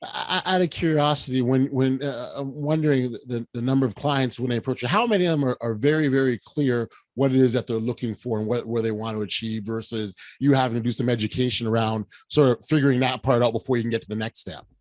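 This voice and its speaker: A podcast host keeping the interview moving with quick nods of agreement and searching, stop-start questions. The recording is dry and close, with no room sound. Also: mid-range voice, darkish tone, no echo. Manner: brief affirmations, halting questions.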